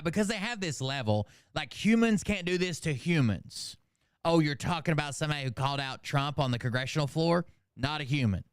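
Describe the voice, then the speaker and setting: A man's voice: a little high, smooth, no echo, clean studio sound. A man hosting a casual commentary show, reading comments aloud and mocking them with sarcastic, profane asides.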